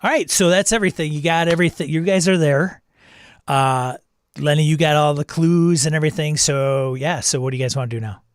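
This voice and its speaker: A man hosting a casual tabletop gaming chat, relaxed and quick to laugh. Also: a little high, dry recording, studio quality. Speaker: podcast host.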